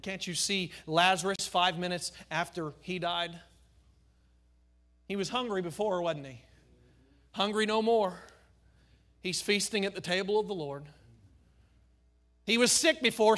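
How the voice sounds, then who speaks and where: A man preaches with fervor, building his points through rhythmic repeated phrases. His voice sits high and rings bright and forceful. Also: measured pace, long pauses. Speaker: pastor. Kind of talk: sermon.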